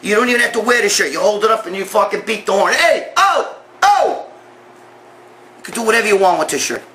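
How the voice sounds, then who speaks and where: Male host, high bright voice, foul-mouthed shouting rant to camera. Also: very fast. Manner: loud, swearing, bursts of shouting. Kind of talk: profane comic rant to camera.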